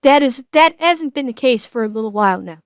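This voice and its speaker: A woman streamer giving a casual reaction commentary, earnest and emotional, talking in halting bursts full of restarts and repeated words. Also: high voice, expressive, clear, resonant tone, dry recording.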